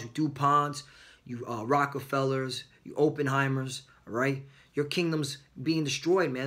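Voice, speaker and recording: Heated man preaching scripture, higher voice. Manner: fills pauses with 'man' and 'all right?', loud and confrontational. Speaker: street preacher. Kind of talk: reading scripture verse by verse with heated commentary.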